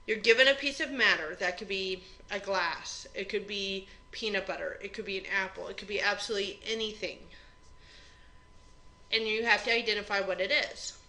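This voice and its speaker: A woman's voice: mid-range voice, normal speed, bright, forceful tone, rough recording. A woman teaching chemistry, walking through an exam review step by step in a plain conversational way. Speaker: chemistry instructor. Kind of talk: recorded exam review lecture.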